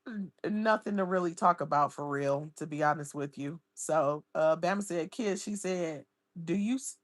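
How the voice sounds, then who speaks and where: A woman's voice: low voice, moderate pace, dry recording. A woman hosting a casual livestream, chatting and gossiping as she reads viewer comments aloud into a close mic. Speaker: livestream host.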